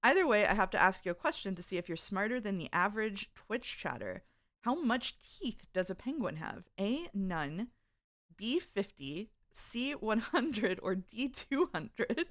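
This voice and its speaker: A woman's voice: mid-range voice, sing-song, moderate pace, fairly bright tone. A woman streamer chatting casually with her viewers, reading out their messages and laughing often. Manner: reads chat aloud, chatty and giggly. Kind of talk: casual live-stream chat.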